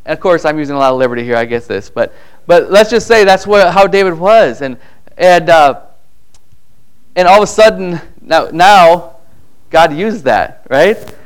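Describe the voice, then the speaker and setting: A man's voice: on the high side, lively intonation, normal speed, smooth. A middle-aged man preaching a conversational sermon in a church, reading verses and acting out little voices to make his point. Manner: conversational, acts out voices in quotes. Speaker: pastor.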